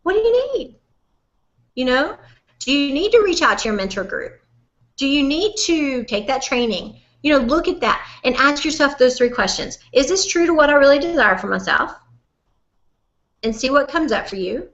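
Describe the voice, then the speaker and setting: Animated Southern woman coaching a webinar. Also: high voice, moderate pace, highs cut off. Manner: animated, folksy and direct, calls listener "honey". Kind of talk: motivational webinar talk.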